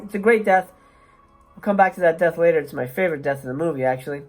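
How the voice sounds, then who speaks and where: A woman's voice: lowish voice, racing. Woman, movie reviewer, profane rant, sarcastic, emphatic, faint background music. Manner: sarcastic, emphatic, swears freely. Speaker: movie reviewer, channel host. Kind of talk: profane ranting film review.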